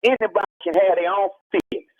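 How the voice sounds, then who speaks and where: A man's voice: sits high, fairly even intonation, quick pace, no room sound. A man, calling in to a radio show over the phone and lecturing emphatically, repeating his points. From Texas. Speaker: rapper on a radio call-in. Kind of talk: heated radio phone interview. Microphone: telephone. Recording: muffled phone-line audio.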